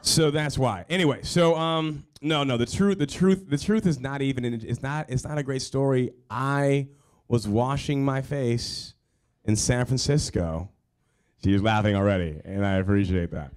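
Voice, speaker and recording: A man's voice: medium pitch, moderate pace. A man hosting a live storytelling show, bantering casually with the audience in a rambling, self-deprecating way.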